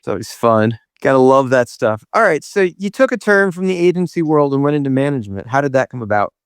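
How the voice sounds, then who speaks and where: A man's voice: mid-range voice, animated, a little fast, clear, resonant tone, no echo, clean studio sound. A male podcast host asking brief, prompting questions in a casual interview.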